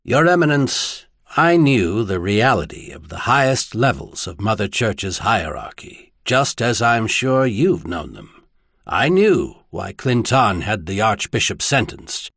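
A man reading the part of a measured, solemn middle-aged male cleric in a storybook, speaking flatly and with quiet intensity. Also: lowish voice, gravelly, dry recording, studio quality, exaggerated voice. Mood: earnest. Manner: flat, controlled, quietly intense.

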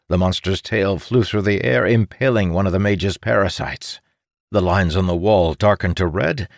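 A man narrating a fantasy story as an audiobook reader, in a dramatic, expressive read that leaps up for the characters' shouts. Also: lowish voice, vocal fry, no room sound, clean studio sound.

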